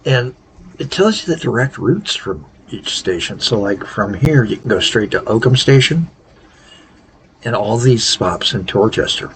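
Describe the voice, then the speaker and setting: A tired man hosting a casual game tutorial, thinking aloud in a halting, low-key way. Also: lively intonation, slight background noise, poor audio. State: tired, worn out. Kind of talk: casual gameplay tutorial commentary.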